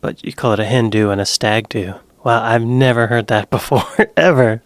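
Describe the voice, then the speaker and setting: A man's voice: mid-range voice, fairly even intonation, normal speed, no room sound. American male reactor, casual, dry close mic, mid-range voice. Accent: American English. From United States. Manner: repeats words back, laid-back. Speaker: reaction channel host.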